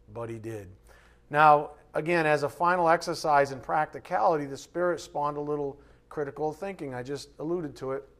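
A man preaching a sermon, asking his congregation rhetorical questions and swinging between loud emphatic bursts and quiet asides. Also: on the high side. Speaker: pastor.

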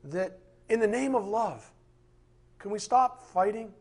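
A man's voice: high voice, expressive, unhurried, husky. A man pastor preaching a sermon with emphatic, impassioned delivery, acting out quoted voices along the way.

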